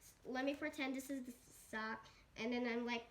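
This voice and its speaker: A child storyteller making up a rambling story with lots of restarts and "and then.". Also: female voice, a little high, fairly even intonation, moderate pace, noisy background. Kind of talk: improvised kid's story.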